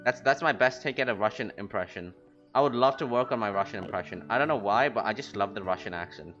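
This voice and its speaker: A man streaming a game, rambling casually to his chat with quick excited outbursts. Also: fairly low pitch. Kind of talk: casual gaming commentary. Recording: lo-fi stream audio with faint music.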